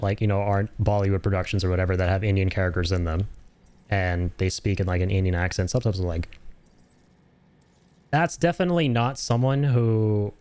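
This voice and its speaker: A Canadian man chats loosely over his gameplay stream, rambling from one thought to the next and laughing often. His voice sits fairly low. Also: a little mellow, clear, resonant tone. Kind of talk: casual commentary over gameplay.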